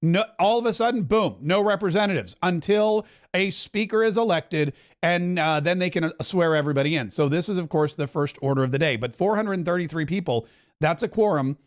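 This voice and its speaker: A man's voice: high-pitched, fairly quick. A middle-aged man hosting a political podcast, giving chatty live commentary with wry asides over a broadcast.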